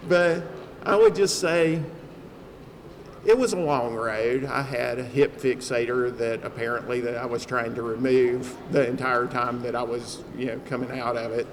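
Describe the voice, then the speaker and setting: A man's voice: medium pitch, fairly even intonation, moderate pace. A man giving a personal speech to an audience as a trauma survivor, telling his story with humor in a chatty way, with fillers. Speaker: trauma survivor speaking at an event. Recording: long hall reverb, faint background noise.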